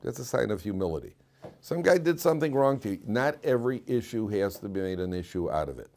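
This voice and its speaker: Fast and sing-song, his lowish, darkish voice carries some vocal fry. The rabbi is teaching his weekly Torah class in an informal, joking, conversational style, repeatedly restarting and repeating his words.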